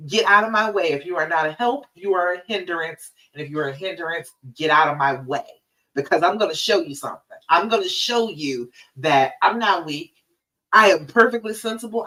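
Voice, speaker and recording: A woman's voice: lowish voice, pushed and bright, distant mic, rough recording. A woman relationship coach giving a live-streamed talk, emphatic and direct, repeating her key points.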